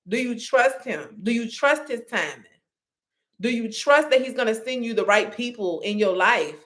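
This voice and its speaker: Woman host, lively faith pep talk that calls listeners honey and y'all. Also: mid-range voice. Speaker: podcast host.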